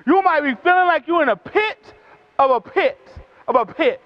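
A man's voice: very high-pitched, animated, normal speed. A man preaching a sermon, repeating phrases in a rhythm that rises to emphatic calls, on a dull lo-fi recording.

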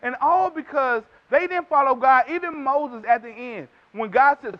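Casting: very high-pitched male Texan preacher, emphatic sermon delivery, muffled lo-fi audio. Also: normal speed. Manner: emphatic preaching, acts out quotes in character voices. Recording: dull lo-fi recording.

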